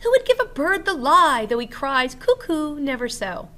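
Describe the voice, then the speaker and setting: A woman's voice: sits high, sing-song, moderate pace, sharp tone, voice pushed up, exaggerated voice. A woman reading the lines of a blustering, foolish male weaver, declaiming them over-dramatically. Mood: pompous.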